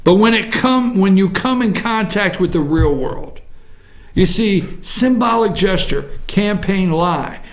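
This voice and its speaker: A man's voice: high-pitched, animated, takes it slowly. A man hosting an opinion talk show, ranting in a combative monologue and punctuating points with "okay?". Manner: combative, repeats "okay?" often. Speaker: host.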